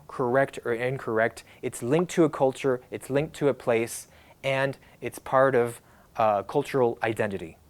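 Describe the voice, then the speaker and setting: Guy teaching english pronunciation, explains step by step, asks questions as he goes. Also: medium pitch. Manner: steady, explanatory, poses questions. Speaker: English fluency coach. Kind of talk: explanatory lesson to camera.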